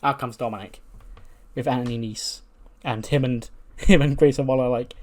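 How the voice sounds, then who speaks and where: A man casually recounting a wrestling game run, animated and laughing often as he tells it. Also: mid-range voice, normal speed. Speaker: game commentator. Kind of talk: casual let's-play storytelling.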